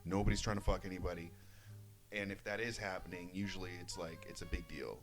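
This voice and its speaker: Young man, podcast co-host, deep voice, casual swearing storyteller, faint background music. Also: fairly even intonation, fast talker. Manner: rambling storyteller, swears freely, acts out quotes. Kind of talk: casual chat.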